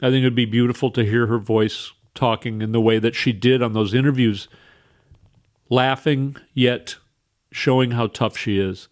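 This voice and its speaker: A man hosting a radio show, tearful and weepy, speaking haltingly with restarts. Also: mid-range voice, fairly even intonation. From Minnesota. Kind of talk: emotional radio monologue.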